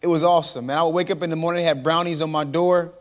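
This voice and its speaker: Man in his thirties, animated speaker working a crowd, fairly high voice, long hall echo. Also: very fast. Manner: lively storyteller, calls out to the crowd. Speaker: motivational speaker. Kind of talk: storytelling talk to a live audience. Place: large hall before an audience.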